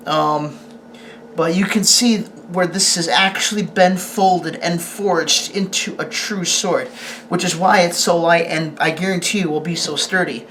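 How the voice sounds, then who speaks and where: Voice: mid-range voice, a bit bright, slight background noise. A host reviewing a sword on camera in a casual, rambling way, often restarting sentences and asking the camera operator questions. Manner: rambling, halting, with frequent restarts.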